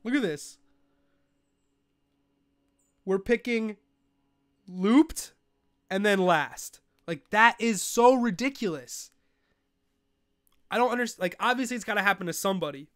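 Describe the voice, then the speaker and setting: A man's voice: sits high, a little slow, pauses often, no room sound, clean studio sound. A young man hosting a live fantasy football show, talking casually and ranting in frustration. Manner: excitable, swears, rants in frustration. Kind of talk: live-streamed casual commentary.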